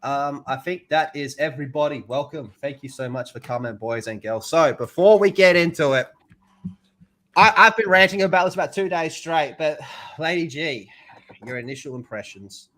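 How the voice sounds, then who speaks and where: A man's voice: a little high, moderate pace, a bit bright. A man hosting a casual livestream, greeting viewers and swearing freely. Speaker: livestream host.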